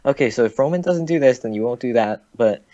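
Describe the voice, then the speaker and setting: A young man calls in over a dull, lo-fi line, his voice sitting at an ordinary pitch. He stumbles through his points with plenty of "uh"s and curses casually as he goes. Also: expressive, quick pace, warm tone. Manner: hesitant, lots of fillers, swears casually. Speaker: caller. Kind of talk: casual phone-in chat. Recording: dull, lo-fi call audio.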